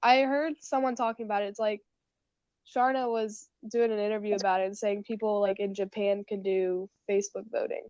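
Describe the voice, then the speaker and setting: A woman of middling pitch chats on a video call, hesitant and full of "like"s. Her sound is dry and close, and dull in the lo-fi way of a webcam mic. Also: little pitch movement, brisk, darkish tone, smooth, no room sound. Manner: hesitant, lots of "like". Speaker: chat guest. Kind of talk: casual chat.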